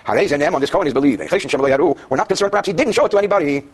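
His voice is a little high, husky and animated, and he talks fast. He's a Torah teacher whose daily class on Jewish law involves reading Hebrew passages to students present, then translating them and explaining them with jokes.

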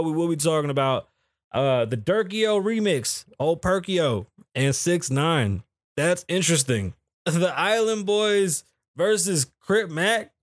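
A man's voice: no room sound, studio quality. Joking, profane male podcast host. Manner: loose, profane and joking, with sudden pitch jumps. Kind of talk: casual podcast chat.

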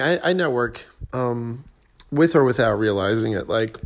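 A man's voice: mid-range voice, lively intonation, moderate pace, vocal fry. A young adult man, a stand-up comedian, rambling through a casual solo podcast monologue with self-deprecating asides and many fillers.

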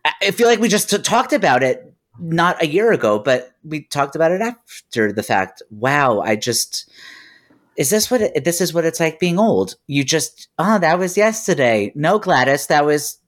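A man's voice: a little high, very animated, moderate pace. A man co-hosting a podcast, chatting casually with playful, campy asides. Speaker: podcast co-host. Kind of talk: casual chat.

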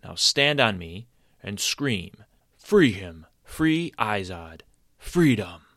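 A man's voice: lowish voice, animated, a little fast, pushed and bright, dry recording, studio quality. A man voicing an old male wizard cursed into a tree stump, firm and insistent as he explains. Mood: commanding.

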